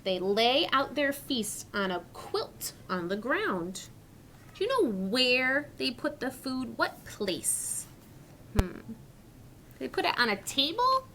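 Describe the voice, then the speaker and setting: A woman teacher reads a picture book to young children and stops often to ask questions. Her voice is bright and a little high, and she sounds out each word with slow, careful articulation. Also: sing-song, slight background noise. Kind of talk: children's story reading lesson.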